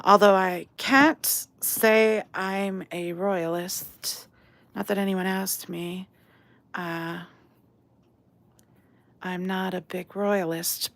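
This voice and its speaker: A woman's voice: lowish voice, creaky, fairly bright tone. A woman hosting a casual live stream while painting, chatty and self-deprecating, reading chat aloud. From outside England. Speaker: livestream host.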